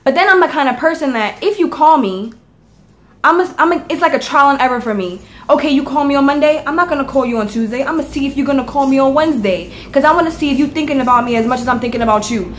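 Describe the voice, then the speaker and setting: A young woman talking to camera in a casual vlog. Her voice sits high, and she speaks in a blunt, profane, ranting way. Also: quick pace, a bit bright. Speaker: vlogger. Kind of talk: casual chat.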